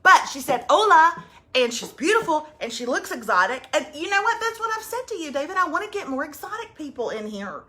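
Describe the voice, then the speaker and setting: Bright, lively woman joking around. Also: sits high, brisk. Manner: loud, playful, teasing with big swings. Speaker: co-host of a morning live show. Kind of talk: casual live chat, reading a viewer's message.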